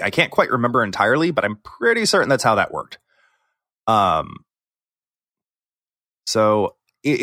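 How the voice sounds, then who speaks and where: A man's voice: medium pitch, fairly bright tone, no echo, clean studio sound. A man co-hosting a gaming podcast in casual chat, rambling with many fillers and restarts, teasing his co-host. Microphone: remote call recording.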